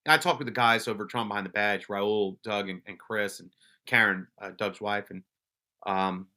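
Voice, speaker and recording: A man's voice: lowish voice, fairly even intonation, moderate pace, sharp tone. A man guest on a podcast telling stories from his police career in a casual, blunt way, swearing freely and often restarting his sentences. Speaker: podcast guest, police officer and wellness advocate. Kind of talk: casual storytelling.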